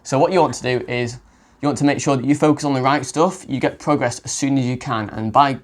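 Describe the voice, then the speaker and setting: A man's voice: mid-range voice, fairly even intonation, fast. A young English man, a language coach, giving casual spoken advice with a chatty, self-correcting manner and frequent restarts. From England.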